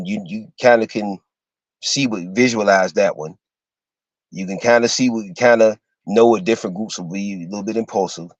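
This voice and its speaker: A man giving an informal lecture to his listeners, halting and full of fillers, spelling out terms letter by letter. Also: lowish voice, darkish tone, no room sound, muffled recording. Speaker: host teaching a class.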